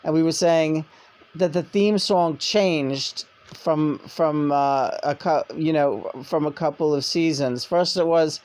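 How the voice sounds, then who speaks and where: A woman's voice: lowish voice, animated, unhurried, darkish tone. A woman vlogger and spirit medium telling stories in a casual monologue, rambling with many restarts.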